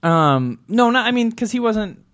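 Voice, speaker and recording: A man on a talk show telling rambling, animated anecdotes and acting out the quotes. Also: high voice, unhurried. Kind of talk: casual storytelling chat.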